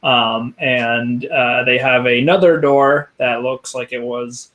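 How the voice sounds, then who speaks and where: A man narrating as game master of a tabletop game, halting with many ums and restarts. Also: mid-range voice, fairly even intonation, a bit bright, highs cut off.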